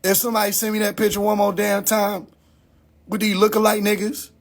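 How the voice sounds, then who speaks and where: In a high, monotone, creaky voice at a fairly quick pace, the livestream host tears into his subject with comedic profanity and mock disbelief, echoing his own questions over and over.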